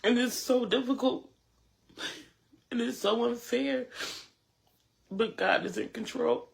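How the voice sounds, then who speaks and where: A mother giving an emotional public statement, tearful and exhausted, halting and repeating her words as she thanks people. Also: on the high side, creaky. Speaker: mother of a shooting victim.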